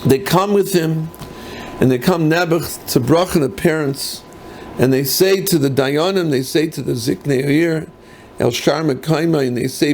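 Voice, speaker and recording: Older rabbi, gravelly, kinda high voice, faint hiss behind. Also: male voice, a little slow, darkish tone. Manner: mixes Hebrew and Yiddish terms, rhetorical questions. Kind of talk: Torah lecture. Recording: faint background noise.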